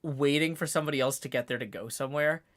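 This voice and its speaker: A woman's voice: sits low, fast. A woman streaming casually, chatting in rambling tangents and laughing often before reading a novel aloud. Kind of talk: casual live-stream chat.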